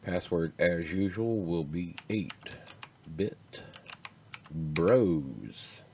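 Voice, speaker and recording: A man's voice: low voice, lively intonation, extremely slow, dark tone, a little hiss or hum. A man hosting a livestream, chatting casually in a rambling, laid-back way that often trails off. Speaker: stream host.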